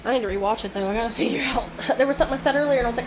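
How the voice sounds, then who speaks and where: A woman's voice: on the high side, rapid-fire, background noise. A woman vlogging at home in a rambling, profane rant, laughing between her thoughts. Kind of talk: casual rant to camera. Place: at home, indoors.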